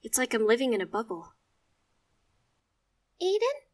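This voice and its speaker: A woman tells a story in the first person, leaning on words with expressive emphasis. Her pitch sits mid-range for a woman. The recording is dry, with the mic a little distant. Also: normal speed, no room sound.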